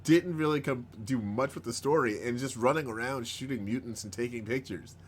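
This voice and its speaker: A man hosting a live stream in casual chat, rambling, chuckling often and bursting into excited outbursts. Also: mid-range voice, a little fast, a little hiss or hum. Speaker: host of a live-streamed show.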